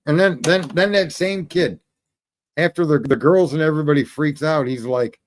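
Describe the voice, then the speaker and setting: A man's voice: fairly high pitch, moderate pace, slight background noise. A man hosting a call-in livestream, telling stories in a rambling, profane, casual way and laughing at his own jokes. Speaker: call-in show host.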